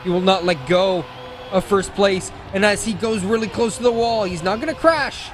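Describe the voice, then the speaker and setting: A man casting a racing esports match with play-by-play commentary, excitable and jokey, often correcting himself mid-call. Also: high-pitched, normal speed, background noise. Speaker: esports caster.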